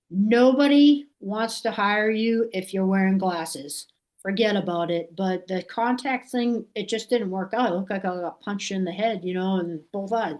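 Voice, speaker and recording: A woman from Massachusetts, a podcast guest, telling a story in a loose, rambling way, full of fillers and restarts, and acting out what others said. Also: mid-range voice. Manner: acts out quoted voices animatedly. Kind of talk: casual storytelling.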